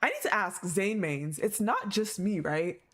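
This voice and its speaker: Excitable woman streamer with a lively voice. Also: medium pitch, measured pace. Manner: excitable, laughs a lot, reads the story aloud. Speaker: streamer reacting to a game. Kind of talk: casual live reaction.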